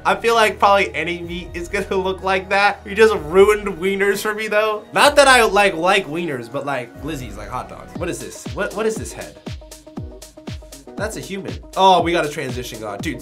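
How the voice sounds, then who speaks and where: Lively, excitable man reacting to clips. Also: high voice. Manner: excitable, slangy, laughs and shouts often. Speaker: reaction video host. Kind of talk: casual reaction commentary. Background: faint music from clips.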